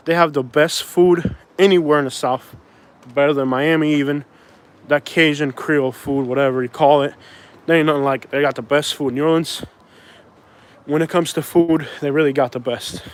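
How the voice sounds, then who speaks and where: Chatty guy from florida vlogging in his car, rambles a lot, kinda higher voice. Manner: rambling, digressive, talks to chat and passenger. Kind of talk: casual chat while driving.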